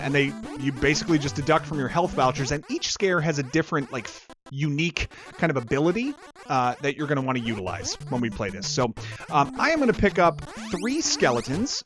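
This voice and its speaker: A man hosting a retro game walkthrough, talking casually with wry, sarcastic asides while explaining how the game works. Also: on the high side. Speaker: gameplay walkthrough host. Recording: music playing loudly behind the voice.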